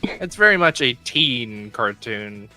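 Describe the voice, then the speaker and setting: A guest on a stream chatting casually, laughing often and speaking with enthusiasm, with quick restarts. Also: mid-range voice, expressive, music in the background. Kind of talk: casual chat.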